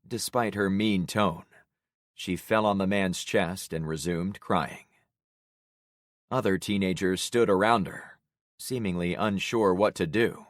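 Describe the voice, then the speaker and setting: A man with a lowish voice reads a survival story aloud in the first person. His delivery is steady and grave. The recording is dry and close, with no room sound. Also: a little slow, no echo. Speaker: audiobook narrator. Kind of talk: first-person audiobook narration.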